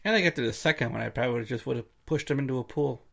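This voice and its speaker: A man's voice: mid-range voice, rapid-fire, gravelly, fairly bright tone. A man co-hosting a comedy podcast, giving dry, short reactions. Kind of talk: casual podcast chat.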